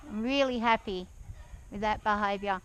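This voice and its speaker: A woman talking softly and calmly to her horse as she rides it outdoors around a farm yard, with an action camera worn while riding. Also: mid-range voice, moderate pace, smooth, low-quality recording. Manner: soft, soothing coaxing of a horse. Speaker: horse rider and farm owner. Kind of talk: riding vlog narration.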